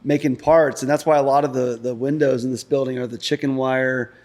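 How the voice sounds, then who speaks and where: A man's voice: medium pitch, a little fast. A man chats easily as a podcast guest. His voice sits in a middle register and his sentences wander along with lots of fillers. He is recording inside an old industrial building. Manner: relaxed, rambling with many fillers. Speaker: guest, pipe business founder. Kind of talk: casual podcast chat.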